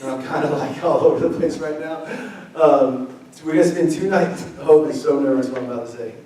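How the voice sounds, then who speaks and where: Weak from illness, a young pastor with a fairly high, warm voice preaches briskly in a casual, joking way, bantering with his flock. A distant mic in the echoey church sanctuary picks him up, along with a slight hiss or hum.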